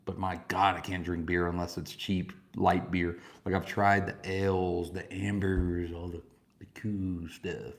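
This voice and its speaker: A man's voice: low voice, level tone, unhurried. A man hosting a live whiskey tasting, chatting casually, swearing freely and answering viewers.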